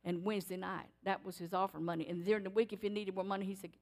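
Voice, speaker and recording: An older woman giving a sermon in church, telling stories in an animated, emphatic way. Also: mid-range voice, racing. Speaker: church speaker. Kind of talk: sermon testimony.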